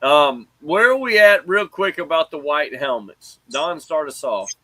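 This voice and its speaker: High, bright-voiced sports host. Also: male voice, unhurried, no room sound, low-quality recording. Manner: animated, preachy, keeps calling on co-hosts. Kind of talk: casual sports talk.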